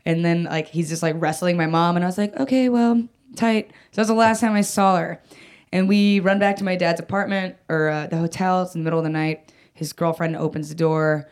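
A woman's voice: lowish voice, fairly even intonation, brisk. A woman telling a personal story in casual chat, rambling, full of "like" and "um", with frequent restarts and casual swearing.

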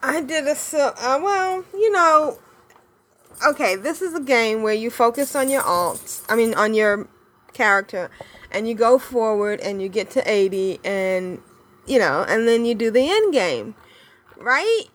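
A woman co-hosting a gaming podcast in casual chat, bubbly and excitable, laughing often. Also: fairly high pitch, unhurried. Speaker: podcast co-host.

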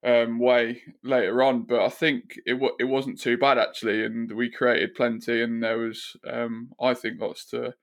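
A man giving casual football analysis on a podcast, measured and hedging with fillers. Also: medium pitch, level tone. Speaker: podcast regular guest.

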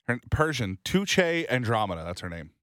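A man's voice: medium pitch, normal speed, no echo, studio quality. A young man co-hosting a podcast in casual chat, rambling and joking as he tells stories. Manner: animated, rambling, joking storyteller. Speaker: podcast co-host.

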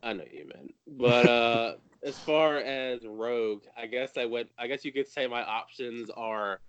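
A man chatting on a movie podcast, relaxed and joking, hedging his picks. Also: mid-range voice, measured pace, smooth, muffled recording. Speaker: podcast guest. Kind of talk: casual chat.

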